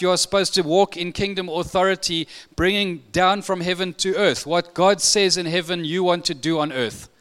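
Man preaching, high voice, clear smooth tone, expressive, emphatic. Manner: expressive, rising to emphatic when quoting scripture. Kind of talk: sermon.

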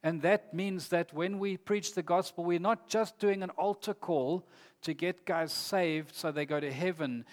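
Earnest preacher man in a reverberant hall. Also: high-pitched. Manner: earnest, emphatic, reads scripture aloud. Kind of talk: sermon.

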